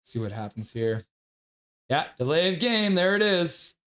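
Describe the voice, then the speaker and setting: A man's voice: on the high side, sing-song, unhurried, fairly bright tone. A man casually calling a hockey game play-by-play on a live stream, reading chat and laughing along. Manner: chatty, reads chat messages aloud, laughs often.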